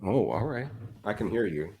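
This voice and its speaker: A man co-hosting a live show in casual chat, teasing his friends and jumping in with quick remarks. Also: fairly low pitch, expressive, a little mellow, breathy edge. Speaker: podcast co-host.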